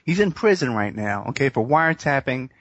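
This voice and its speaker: A man's voice: mid-range voice, sing-song, a little fast, fairly bright tone, no echo. A man hosting a radio talk show, telling a long story in a rambling way full of fillers. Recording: muffled dry radio audio.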